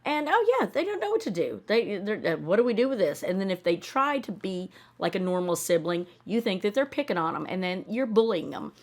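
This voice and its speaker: A woman's voice: medium pitch, very animated, fairly quick, few pauses. A woman commenting on a reality show in a blunt, sarcastic, swearing rant. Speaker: reaction video host.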